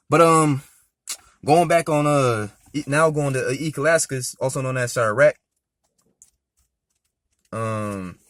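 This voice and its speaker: A man reading scripture aloud and commenting on it in a casual, emphatic way. He keeps checking in with "man" and "all right?", and he reads the verses louder and slower. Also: mid-range voice, no echo. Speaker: scripture reader and preacher.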